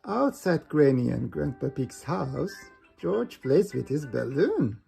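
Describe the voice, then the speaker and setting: Slow gravelly storybook narrator. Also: medium pitch, sing-song, warm tone, soft background music. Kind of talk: children's storybook reading.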